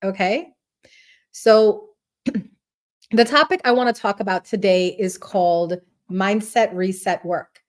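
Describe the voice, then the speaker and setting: A middle-aged woman talks casually to viewers on a wellness livestream show. She is friendly and chatty and often checks in with a quick "right?". She sounds a little out of breath. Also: medium pitch. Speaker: podcast host and wellness center owner.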